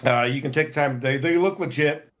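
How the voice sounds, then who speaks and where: High-voiced man running a tabletop game. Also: moderate pace, a bit bright. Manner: loose, chatty narration with many restarts. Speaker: game master.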